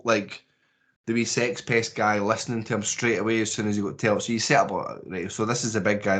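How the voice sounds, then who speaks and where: Rambling, sweary Scottish man. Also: lowish voice. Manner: rambling and sweary, with frequent restarts. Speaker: podcast co-host. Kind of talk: casual movie review chat.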